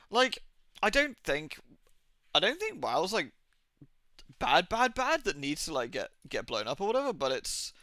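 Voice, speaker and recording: Young guy streaming, chatty and sweary, kinda high bright voice, dry close mic. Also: dry recording. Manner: rambling, jokey, swears, acts out quick silly impressions. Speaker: game streamer. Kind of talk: casual live-stream chat.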